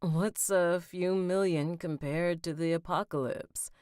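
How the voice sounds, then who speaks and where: A woman's voice: fairly low pitch, steady tone, a little slow, darkish tone, clear, resonant tone, dry recording, studio quality, voice pushed up, lightly acted. A woman voicing a snobby, nervous young man who leans on his charm, in an audiobook reading.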